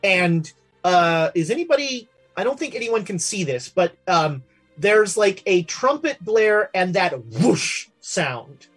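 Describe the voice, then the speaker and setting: A man running a tabletop game as game master, narrating haltingly with many fillers and restarts. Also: high voice, sing-song, fairly bright tone, husky, soft background music.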